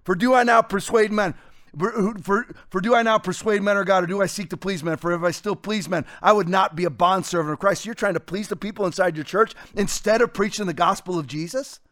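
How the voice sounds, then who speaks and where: A middle-aged man, a pastor, preaching forcefully and quoting scripture, rising to shouts. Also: high voice, a little fast. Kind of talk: fiery preaching on a talk show.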